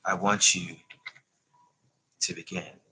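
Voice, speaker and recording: A man voicing a composed, centuries-old male vampire, in a measured and unhurried read-aloud manner. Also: low-pitched, level tone, pushed and bright, a little hiss or hum, full character voice, rough recording. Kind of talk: reading a novel aloud.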